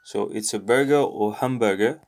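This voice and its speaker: Working through a language lesson alone, a man with a voice on the low side thinks aloud with lots of fillers, slowly repeating practice phrases as casual self-study commentary.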